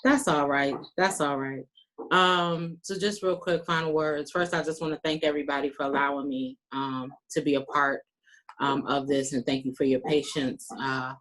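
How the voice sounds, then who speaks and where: A talkative, earnest woman giving folksy closing remarks as a panelist on a video call. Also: extremely low pitch. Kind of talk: round-table closing remarks. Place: virtual meeting.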